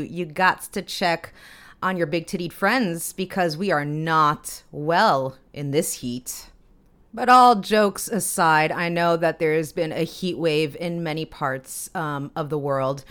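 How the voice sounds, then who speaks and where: A woman's voice: on the low side, fairly bright tone. A woman hosting her own podcast, chatting casually in a bubbly, cheeky and profane way with frequent laughter. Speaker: podcast host. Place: lives in Cyprus.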